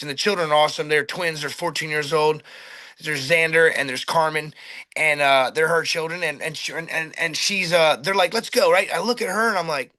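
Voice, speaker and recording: A middle-aged man excitedly telling a fishing story in casual chat, acting out his own quotes and restarting his sentences often. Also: a little high. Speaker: charter boat captain telling a fishing story.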